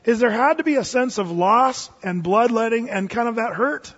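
Male pastor, high-pitched, storytelling sermon style, dull recording with long hall reverb. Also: moderate pace, slightly rough. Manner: storytelling with humor, many restarts, sudden loud bursts.

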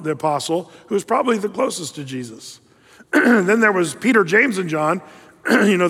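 A male pastor teaching a Bible passage in a chatty, digressive sermon full of asides and rhetorical questions, clearing his throat often. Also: high voice, a bit bright. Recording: long echoey hall reverb.

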